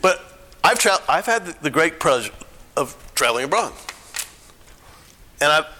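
Middle-aged American man, bright voice, speaking in church, chatty and questioning. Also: a little high, very animated, moderate pace, slight background noise. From United States. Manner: conversational, asks the audience questions. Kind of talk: church talk.

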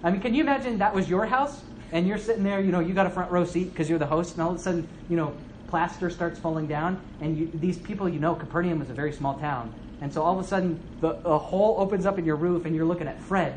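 A man's voice: high voice, fast, a little mellow, a little hiss or hum. A man preaching a sermon in a church, teaching through a Bible passage. He speaks conversationally, asks the listeners questions, adds asides and acts out quoted speakers.

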